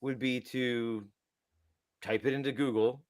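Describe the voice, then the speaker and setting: A man chats casually on a developer podcast, with a voice of ordinary pitch. He rambles through stories with lively restarts and acts out little exchanges. The recording is close and dry. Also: moderate pace, no echo. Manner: rambling, animated storytelling with many restarts. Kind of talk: casual tech chat.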